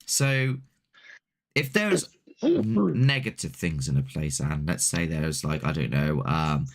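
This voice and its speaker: A man's voice: a bass voice, very animated, slow pace, vocal fry. A man, a paranormal investigator hosting a casual chat, rambling and laid-back with mild swearing. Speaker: paranormal investigator and show host.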